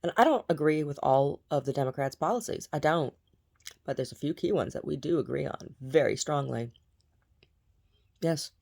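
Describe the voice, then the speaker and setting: Low-voiced woman in a profane rant. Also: moderate pace, creaky, mellow. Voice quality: blunt, profane, agitated. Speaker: vlogger. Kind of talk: casual vlog rant.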